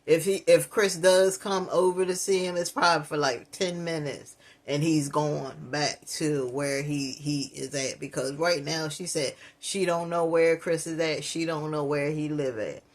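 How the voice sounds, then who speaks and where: A slightly high-voiced man runs a reaction channel, chatting straight to his viewers in a loose, casual way. He pokes fun at the clip he is watching and lectures his audience between jokes. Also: steady tone, a little slow. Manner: mocking, laughs at the clip, addresses viewers as y'all. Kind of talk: reaction commentary.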